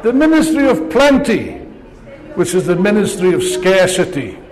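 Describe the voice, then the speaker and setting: An older man with a high, slightly mellow voice speaks at a normal speed, his pitch swinging widely. He's a political speaker delivering a rousing, sarcastic speech packed with rhetorical questions to an audience in a large hall.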